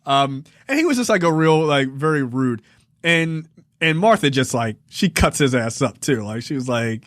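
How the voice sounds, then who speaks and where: A man's voice: fairly high pitch, fairly quick, no echo. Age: 40s. Sex: man. Role: film podcast host. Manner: profane, laughing. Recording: dry. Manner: profane, laughing, animated retelling. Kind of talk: casual film review chat.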